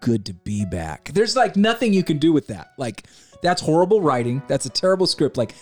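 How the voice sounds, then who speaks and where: Animated man ranting casually. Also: on the high side, a little fast, soft background music. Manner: animated, exasperated ranting with mocking quoted voices. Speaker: podcast co-host reviewing a film. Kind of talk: casual chat.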